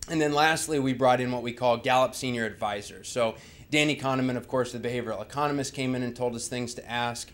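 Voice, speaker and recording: A man's voice: mid-range voice, quick pace, fairly bright tone. Man giving a conversational slide talk. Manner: conversational, asks the audience rhetorical questions. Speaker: presenter.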